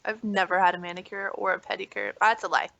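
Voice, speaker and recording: A young woman co-hosts a relaxed sports chat, needling her partner with dry, teasing remarks. Her tone is bright with a touch of gravelly fry, recorded close and dry. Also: medium pitch, quick pace, no room sound, muffled recording. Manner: wry, teasing. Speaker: podcast co-host.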